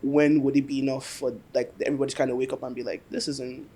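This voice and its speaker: A man's voice: medium pitch, level tone, very fast, warm tone. Reflective man in casual chat. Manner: reflective, lots of 'like' and 'kind of'. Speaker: podcast guest.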